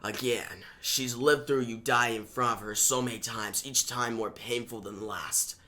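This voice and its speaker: A man voicing a grim, cold Batman, who speaks low and quiet, taunting. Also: fairly even intonation, normal speed, lightly acted.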